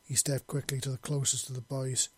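A man narrating a fiction chapter in a steady, plain storytelling way. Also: mid-range voice, brisk, slightly rough. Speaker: audiobook narrator.

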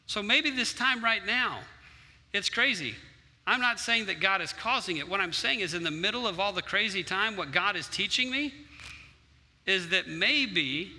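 A man's voice: high voice, animated, moderate pace, pushed and bright. A man preaching a sermon as pastor, earnest and conversational, acting out his own prayers. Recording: long hall reverb.

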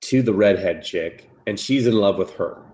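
A man with a fairly low voice tells a friend about an anime episode in a loose, profane podcast chat. He keeps dropping into squeaky voices for the characters' lines, then falls back to his easy, plain tone. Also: moderate pace. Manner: profane, animated retelling, jumps into high voices for characters. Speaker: podcast co-host. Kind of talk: casual chat, recapping an anime with acted quotes.

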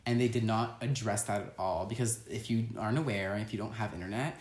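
A woman hosting a podcast in casual, animated, quick chat. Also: rumbling low. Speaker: podcast host. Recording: echoey room.

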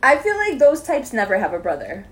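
Chatty woman, high-ish voice, tells stories all animated and bouncy. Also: a little fast. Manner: animated storyteller, acts out quotes, laughs often. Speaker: podcast co-host telling a story. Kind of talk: casual chat.

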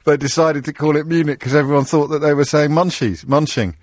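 A male radio host chatting with callers in quick, teasing banter. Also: fairly high pitch, level tone, dry recording, clean studio sound. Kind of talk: phone-in chat.

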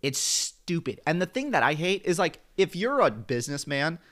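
A young man co-hosting a podcast, telling a long story in an animated, rambling way. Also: fairly high pitch, normal speed. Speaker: podcast co-host. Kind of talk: casual chat.

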